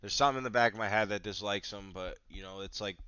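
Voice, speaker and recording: A deep-voiced man hosts a casual podcast, swearing freely and swinging into hyped bursts. His tone is crisp and bright, with dry, slightly muffled lo-fi sound. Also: quick pace. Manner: profane, excitable, hyped. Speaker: podcast host. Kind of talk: casual chat.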